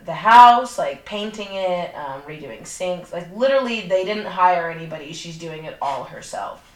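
A young woman co-hosting a podcast retells a movie plot in casual, profane, animated chat packed with fillers. She has a fairly low voice and a moderate pace, recorded in an echoey room.

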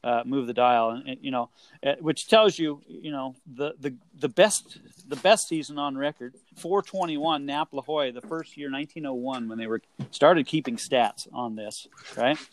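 A man co-hosting a casual baseball talk show, stopping and restarting his sentences often. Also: mid-range voice. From northwestern United States. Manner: halting, many restarts and fillers. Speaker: podcast co-host. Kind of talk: casual sports chat.

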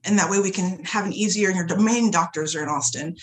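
A woman guest telling personal stories in a casual chat, lively and swearing freely. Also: on the low side, fast. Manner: animated, profane, swears freely. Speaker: guest, shop owner.

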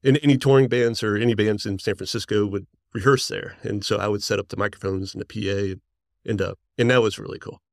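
Male guest, 40s, rambling excited storyteller, dry recording. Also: on the low side, fast talker, creaky, dry recording. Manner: excited, rambling, laughs often. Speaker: interview guest, musician. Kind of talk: casual storytelling.

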